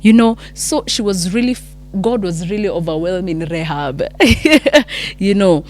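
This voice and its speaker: Kenyan woman storyteller, lower voice, chatty, code-switching retelling. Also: a little slow, soft background music. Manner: animated, mixes English and Swahili, many restarts. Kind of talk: casual Bible story retelling.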